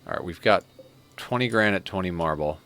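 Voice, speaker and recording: A man's voice: low voice, animated, brisk, fairly bright tone. A man streaming a strategy game, chatting casually and telling a rambling story at a desk microphone. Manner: rambling storyteller, laughs at his own story. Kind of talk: casual chat while playing a strategy game.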